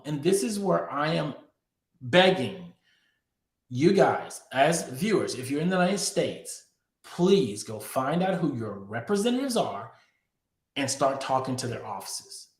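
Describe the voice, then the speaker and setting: A man hosting a crypto politics show, giving emphatic news commentary straight to his viewers. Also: a little high. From Texas. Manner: emphatic, addressing viewers directly. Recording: echoey room.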